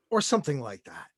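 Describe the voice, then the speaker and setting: Un hombre modera un panel de convención por videollamada, de forma juguetona, dando indicaciones a los demás. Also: male voice, high voice, slightly rough, dry recording, studio quality. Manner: playful, directing others. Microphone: video call.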